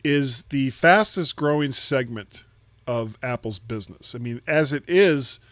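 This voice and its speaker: A man's voice: medium pitch, unhurried, a bit bright, no room sound. A man co-hosting a casual tech podcast, explaining at length and often repeating words as he thinks. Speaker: podcast co-host.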